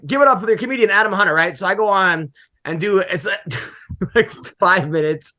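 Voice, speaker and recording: A middle-aged male comedian hosting a podcast, telling rambling, animated stories and laughing often. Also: high-pitched, fairly quick. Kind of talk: casual podcast chat, storytelling.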